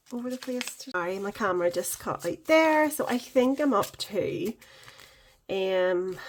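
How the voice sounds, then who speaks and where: A woman talks through her cash budgeting in a relaxed, chatty way, counting notes out loud and catching her own slips. Her voice sits at a middling pitch. A faint hiss of noise runs under the recording. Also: rough recording. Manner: chatty, counts money aloud, self-correcting. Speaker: budgeting vlogger. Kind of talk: casual cash-stuffing vlog.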